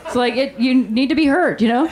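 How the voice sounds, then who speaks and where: A woman's voice: high-pitched, a little fast. A woman hosting a live stand-up show, joking and swearing loosely with the crowd. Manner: loose, joking, swearing, laughing between lines. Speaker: stand-up comedy show host. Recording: live club mic with loud crowd. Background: audience laughter and cheering.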